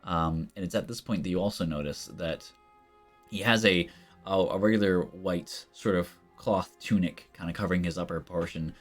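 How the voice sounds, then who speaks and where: A man's voice: sits low, moderate pace. A man running a tabletop game as game master, narrating loosely with lots of fillers. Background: faint background music.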